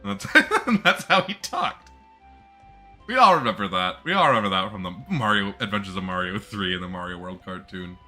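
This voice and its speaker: A man's voice: on the low side, very animated, moderate pace, sharp tone, soft background music. A man giving chatty, jokey, casual commentary while playing a video game. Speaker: gameplay streamer.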